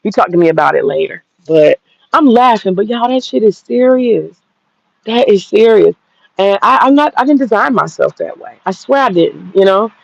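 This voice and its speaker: A woman's voice: mid-range voice, gravelly, darkish tone, dull audio. A woman in her forties telling a personal story straight to viewers, blunt and profane, laughing through it. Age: 40s. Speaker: vlogger.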